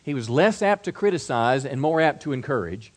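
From the pulpit, a middle-aged pastor preaches at an ordinary male pitch, often restarting and repeating words as he leads into a question. His delivery is sing-song and brisk, with loudness swinging widely from soft, low asides to loud, emphatic build-ups.

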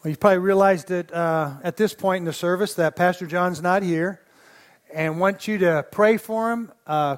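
High-voiced male associate pastor preaching. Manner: folksy storytelling with call-and-response. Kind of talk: sermon. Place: church sanctuary.

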